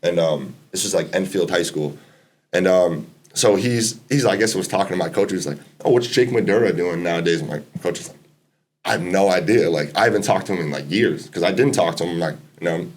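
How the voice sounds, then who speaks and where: Deep-voiced young man telling stories. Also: fairly quick. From Massachusetts, US. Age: 20s. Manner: rambling, laid-back, lots of fillers and quoted dialogue. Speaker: podcast guest, college basketball player. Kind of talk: casual storytelling interview.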